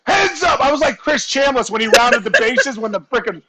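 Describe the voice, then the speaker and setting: A man on a video call telling a story in casual chat, animated and acting out voices and shouts as he goes. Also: extremely high pitch, fairly quick, over a noisy crowd, low-quality recording. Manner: animated, acts out voices and shouts in his stories. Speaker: guest storyteller, former ballplayer.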